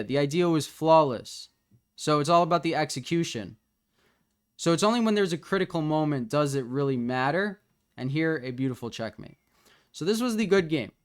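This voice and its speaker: A man's voice: a little high, clear, resonant tone. A man as a chess coach, casually talking through the moves of a student's game as he reviews it.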